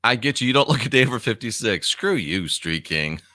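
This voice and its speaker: A man's voice: mid-range voice, expressive, brisk, pushed and bright, no echo, clean studio sound. A man in his fifties hosting a live stream, reading viewer comments aloud in a blunt, profane, casual way and laughing often. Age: 50s.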